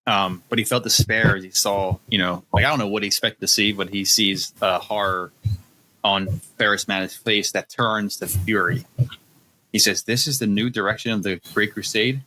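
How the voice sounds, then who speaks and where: A man's voice: fairly low pitch, steady tone, moderate pace, bright, forceful tone, rough recording. A man co-hosting a podcast, retelling a novel's scenes in loose casual chat and acting out the quotes with plenty of laughter. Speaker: podcast co-host.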